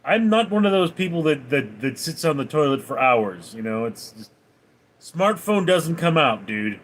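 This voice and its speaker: A man's voice: fairly high pitch, very animated, normal speed, a little hiss or hum. A man hosting a casual livestream, reading viewer messages aloud and giving wry, blunt replies from home. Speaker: livestream host reading chat.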